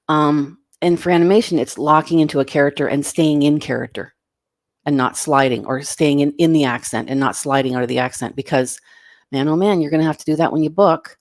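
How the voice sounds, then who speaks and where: A woman's voice: sits low, darkish tone, no room sound, studio quality. A middle-aged woman, a voice casting director, giving frank, emphatic advice as an interview guest. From Canada. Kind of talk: casual interview answers.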